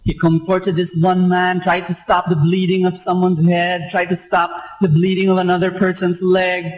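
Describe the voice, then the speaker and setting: High-voiced man preaching. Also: monotone, moderate pace, rough recording. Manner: emphatic and repetitive, with rhetorical questions. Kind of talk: sermon. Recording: radio live stream.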